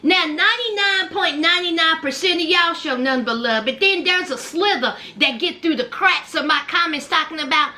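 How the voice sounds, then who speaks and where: Loud sassy woman gossip vlogger. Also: very high-pitched, normal speed, few pauses. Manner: loud, animated, sassy, calls viewers child and honey. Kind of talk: casual gossip commentary.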